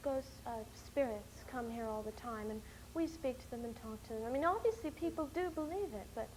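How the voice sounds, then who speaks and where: Young woman, lively rambling chat, bit high-pitched, faint hiss behind. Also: fairly quick, poor audio. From United States. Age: young adult. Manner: animated, rambling storyteller with many fillers. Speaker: interviewee, documentary film-maker. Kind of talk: casual chat.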